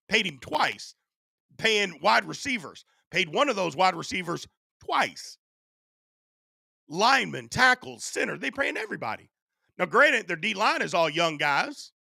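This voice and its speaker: Male stream host, voice fading hoarse; bright, edgy tone, dry close-miked sound, casual chat with the audience. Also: high voice, no room sound. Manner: animated, reads and answers chat. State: voice going hoarse. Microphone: studio USB microphone.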